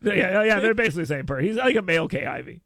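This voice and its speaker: Radio guy rambling through a funny story, voice swinging up and down, bit gravelly, dry studio sound. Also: sits high, rapid-fire, no echo. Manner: animated storytelling with laughs and mock voices. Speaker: talk radio host. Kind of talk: casual radio banter.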